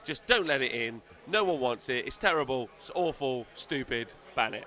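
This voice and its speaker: A man's voice: mid-range voice, expressive, normal speed, sharp tone. A man hosting a live stream, chatting casually and joking in a rambling, teasing way. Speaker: stream host and commentator.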